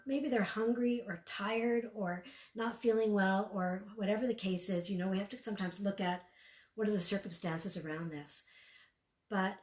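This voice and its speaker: A woman in her forties giving a live parenting talk, telling stories and acting out what parents and kids say in a higher voice. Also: roomy sound. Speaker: parenting speaker. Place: talk venue room.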